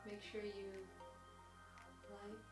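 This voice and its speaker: A young woman vlogger telling an engagement story in casual chat, animated and laughing as she talks. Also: medium pitch, drawn-out words. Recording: roomy, distant, with music.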